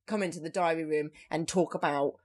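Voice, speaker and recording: A young woman hosting a podcast, chatting casually about news stories in a lively, chatty way with lots of asides. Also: sits low, brisk. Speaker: podcast host.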